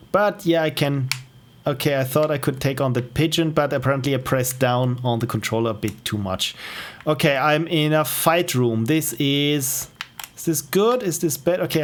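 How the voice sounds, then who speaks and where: A man with an Austrian accent and a medium-pitched voice gives live gameplay commentary while streaming indie games, thinking aloud and asking curious questions as he plays. He's wearing headphones, and there's slight background noise.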